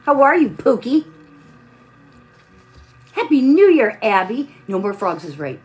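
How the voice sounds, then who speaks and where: A woman's voice: a little high, sing-song, unhurried, a little mellow. A tired woman hosting a live stream, chatting casually while she crafts and greeting viewers by name with pet names.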